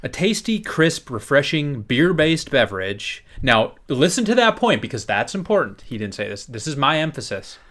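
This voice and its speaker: A man's voice: medium pitch, very animated, normal speed, few pauses, fairly bright tone. A man co-hosting a podcast, chatting casually and reading a review aloud in a wry, playful way. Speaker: podcast co-host.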